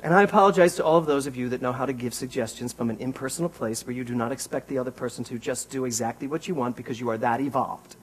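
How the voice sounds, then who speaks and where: A man giving a conversational sermon as a minister in a church, animated and wry, talking straight to his congregation. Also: mid-range voice, fast, hardly any pauses, slight background noise, rough recording.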